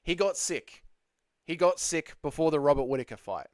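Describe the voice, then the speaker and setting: Casting note: man, slightly high voice, smooth and clean, dry close sound, livestream host bantering with chat. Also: animated, normal speed, dry recording. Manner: reads chat comments aloud and argues back. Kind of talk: casual live Q&A chat.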